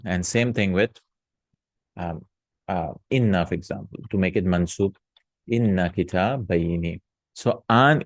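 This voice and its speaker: A man's voice: on the low side, dry recording, clean studio sound. A man teaching an Arabic grammar lesson, reading Arabic lines aloud and then translating them step by step, with frequent hums and uhs.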